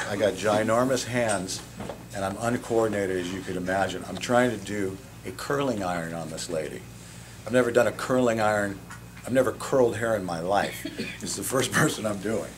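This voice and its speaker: A man's voice: fairly low pitch, heavy background noise. A man who teaches cosmetology, telling funny work stories to a live audience and laughing as he talks. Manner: animated, joking, laughs while telling stories. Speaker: cosmetology educator.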